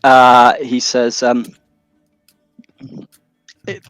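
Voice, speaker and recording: A man's voice: mid-range voice, little pitch movement, extremely slow, a bit bright, clear, resonant tone, no echo, soft background music. A man player in a tabletop game who tries out accents for his character. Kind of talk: tabletop role-play.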